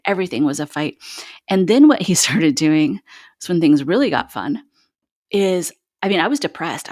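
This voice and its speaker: A woman with a notably low voice shares her own painful story as a guest on a podcast. She talks candidly and haltingly, with frequent "like" and "um" fillers. The recording is dry and close, with no room sound. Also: dry recording. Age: adult with children. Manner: raw, unfiltered recounting.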